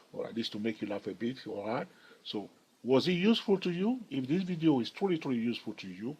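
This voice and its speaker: A man's voice: medium pitch, a little mellow, slightly rough, poor audio. A man hosting a stock trading channel, explaining charts and chatting jokily with viewers, checking in often with "all right?". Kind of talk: chart analysis tutorial.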